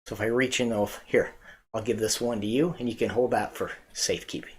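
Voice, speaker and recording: A man hosting a church comedy night, telling corny jokes in a halting way with many fillers and restarts. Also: on the low side, steady tone, a little hiss or hum. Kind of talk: casual joke telling to camera.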